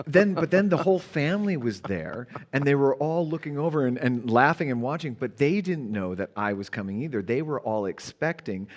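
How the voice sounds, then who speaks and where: Animated man telling stories. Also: mid-range voice, moderate pace, hardly any pauses. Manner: storytelling, animated, swearing. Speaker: co-host. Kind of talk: casual chat. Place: small theater stage.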